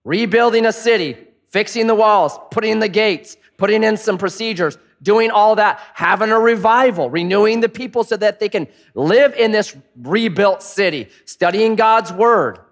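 A middle-aged man preaching a sermon as pastor, animated and joking, mimicking people in a high voice now and then. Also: moderate pace, few pauses.

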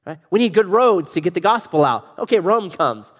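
Middle-aged guy preaching, kinda high voice, super lively, jokey, big echoey church hall. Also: normal speed. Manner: animated, joking, acts out quotes. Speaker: pastor. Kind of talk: sermon. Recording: long reverb of a large hall.

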